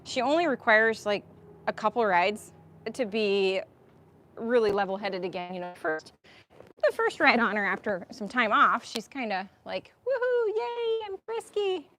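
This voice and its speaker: A woman's voice: medium pitch, normal speed, bright, forceful tone, a little hiss or hum. A young adult woman horse trainer chatting and explaining as she goes during a live-stream ride in a riding arena, filmed on a camera on a tripod.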